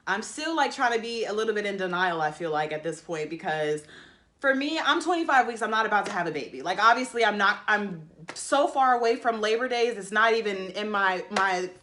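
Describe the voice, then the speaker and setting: Woman vlogger, mid-pitched, talks in loose run-on bursts full of "like", earnest and emotional. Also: lively intonation, a little fast, fairly bright tone, slight background noise. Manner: rambling, emotional, many "like" fillers and restarts. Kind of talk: casual storytelling to camera.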